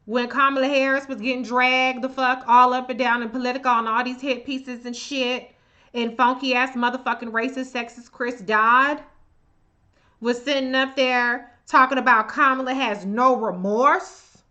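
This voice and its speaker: A woman's voice: on the high side, sharp tone, muffled recording. A woman hosting a live stream, greeting viewers by name and ranting with heavy profanity and open contempt. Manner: profane, fiery and contemptuous rant. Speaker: livestream host. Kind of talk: live political commentary.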